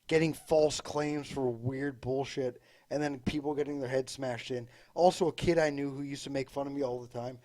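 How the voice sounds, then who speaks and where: A man's voice: medium pitch, steady tone, normal speed, few pauses, a little mellow. A young man telling blunt, offhand stories from his childhood in casual podcast chat, joking and using fillers. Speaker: podcast co-host.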